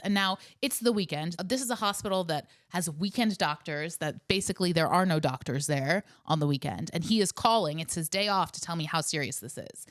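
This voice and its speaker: A woman's voice: lowish voice, fairly quick, hardly any pauses, dry recording, clean studio sound. A woman co-hosting a podcast, recounting a hard story step by step in an earnest, conversational way. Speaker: podcast co-host. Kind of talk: casual storytelling chat.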